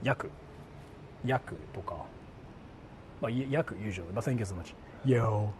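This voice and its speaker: A male streamer, out of doors in a city at night, talking in loud, profane, mocking bursts and switching between English and Japanese, recorded on a handheld mic while he walks. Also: on the low side, normal speed, noisy background. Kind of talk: casual live-stream chatter.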